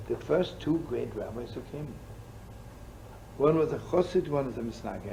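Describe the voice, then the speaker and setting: Gravelly rabbi telling stories, loud hiss. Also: male voice, medium pitch, normal speed. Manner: rambling and playful, with asides, laughs and Yiddish words. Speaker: rabbi and storyteller. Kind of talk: storytelling sermon to a live audience. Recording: old live recording with loud hiss.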